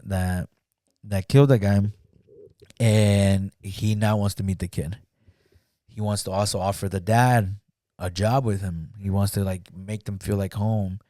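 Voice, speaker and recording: Warm and fairly low-pitched, this man's voice comes through in clean studio quality with no room sound. As a podcast guest chatting casually, he retells a film's plot, rambling, using "like" heavily and performing the characters' lines.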